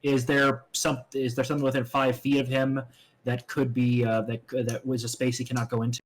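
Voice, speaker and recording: A man's voice: medium pitch, little pitch movement, a little fast, poor audio. Hesitant man explaining game moves. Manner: hesitant, many fillers while working out rules. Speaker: player. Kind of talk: casual tabletop game chat.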